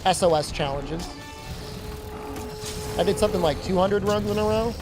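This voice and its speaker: A young man chatting casually to his chat while gaming, telling stories in an animated way. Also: high voice, moderate pace, over music. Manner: chatty, animated storytelling with laughs. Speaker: streamer.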